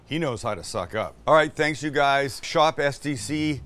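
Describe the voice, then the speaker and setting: A man's voice: mid-range voice, normal speed, a bit bright. A middle-aged man hosting a cooking show in casual, enthusiastic chat, full of exclamations as he cooks.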